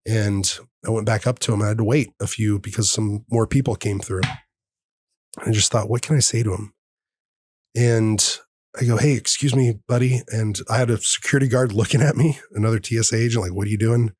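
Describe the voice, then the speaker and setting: A man's voice: on the low side, steady tone, a little fast, darkish tone, husky, no room sound, studio quality. A man in his thirties, a podcast host, telling a personal story in an earnest, heartfelt way and acting out the dialogue. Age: 30s. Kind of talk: personal storytelling in casual conversation.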